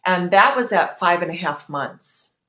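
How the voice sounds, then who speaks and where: A woman's voice: on the low side, animated, measured pace, a bit bright, reverberant. A woman in her thirties telling her own story in an interview, candid and emotional, often acting out what she thought at the time. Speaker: guest.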